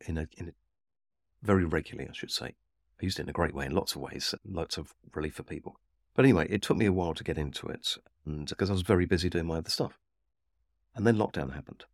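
A man with an extremely low, deep voice tells his story in an unhurried, reflective way, restarting sentences as he goes. The sound is close and dry, with no room around it. He is a Havening trainer being interviewed. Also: no echo. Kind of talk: personal story told in an interview.

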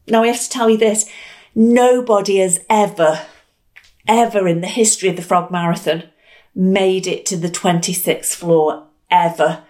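A woman hosting a storytelling podcast, telling an animated tale with dramatic repetition and acted-out quotes. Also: lowish voice, measured pace, long pauses.

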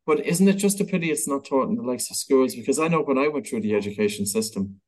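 A man's voice: medium pitch, expressive, quick pace, few pauses, darkish tone, poor audio. Conversational male podcast host. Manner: conversational, thinks aloud with fillers. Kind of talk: casual interview chat.

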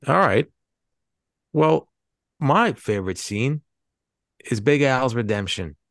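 A man's voice: mid-range voice, animated, takes it slowly, fairly bright tone, dry recording, studio quality. A man co-hosting a casual movie podcast, rambling and swearing freely as he talks. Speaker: podcast co-host.

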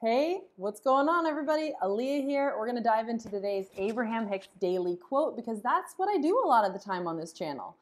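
A woman talking casually as she teaches her own channel's audience, her voice lively and animated. She slips into little acted-out phrases, her pitch and loudness shifting as she demonstrates. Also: a little fast, hardly any pauses. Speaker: podcast host and law of attraction teacher. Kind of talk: casual explanatory talk.

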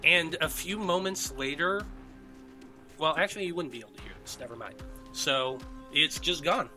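Game master, male, very bright voice, higher pitch, halting delivery with ums, faint music under him. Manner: halting, many ums and restarts. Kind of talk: narrating a tabletop game over voice chat.

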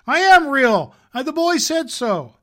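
A man voicing a shy, longing little toy velveteen rabbit in a high, pleading voice. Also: very animated, moderate pace, fairly bright tone. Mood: insistent.

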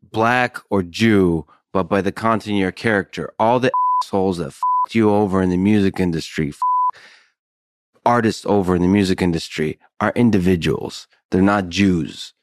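A man interviewing a guest, pushing back in a measured, deliberate way. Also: sits low, no room sound, studio quality. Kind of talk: interview pushback.

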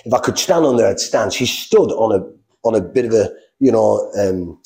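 Middle-aged english guy telling his story, low mellow voice that swoops up and down, lots of restarts. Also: moderate pace, gravelly. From England. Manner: animated, acts out quoted voices, frequent restarts. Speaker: guest telling his testimony. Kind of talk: casual storytelling.

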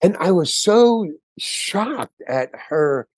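An older man with a fairly high voice tells a story in an interview, acting out each person's lines as he goes. The sound is dry and close to the mic. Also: extremely slow, no echo. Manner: animated storyteller acting out quotes. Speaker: guest actor. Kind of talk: telling an anecdote in an interview.

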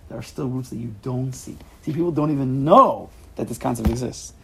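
Gravelly man teaching an informal class. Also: medium pitch, a little fast, slight background noise. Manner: animated, acts out quotes with sudden loud rises.

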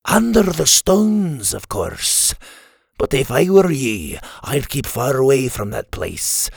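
Guy doing a gravelly old fisherman, ominous, voice swoops high and low. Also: very animated, slow pace, dry recording, studio quality, exaggerated voice. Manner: ominous, warning tone. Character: gruff old Scottish fisherman, warning.

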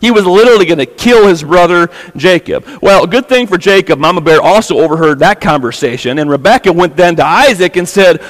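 A man preaches in a church with a long reverb trailing behind each phrase. His voice sits high, and he tells the story in an easygoing, conversational style, slipping into the characters' voices. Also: animated, brisk, few pauses. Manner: casual storytelling, acting out the characters' lines. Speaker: pastor. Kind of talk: sermon. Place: church sanctuary.

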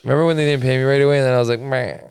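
Crude, rambling middle-aged comedian. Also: male voice, mid-range voice, steady tone, racing, darkish tone, smooth, no echo, studio quality. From Canada. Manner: crude, rambling, swears a lot. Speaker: comedian and podcast co-host. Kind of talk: casual chat.

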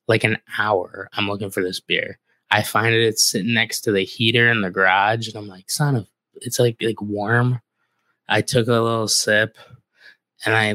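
A man's voice: lowish voice, sharp tone, no echo. A man from the American Midwest hosting a podcast, telling a rambling, casual story full of filler "like"s. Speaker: podcast host.

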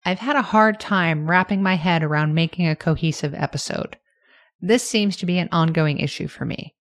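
Woman podcast host, lowish voice, candid, reflective, measured solo talk.

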